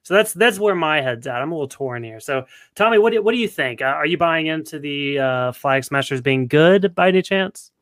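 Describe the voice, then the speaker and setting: A man hosting a podcast, keen and talkative as he hands the discussion to his guests. His voice is bright and forceful. The recording is dry and close, with no room sound. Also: fairly high pitch, expressive, brisk, few pauses, no room sound. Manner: enthusiastic, steers discussion. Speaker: podcast host. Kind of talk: casual panel chat.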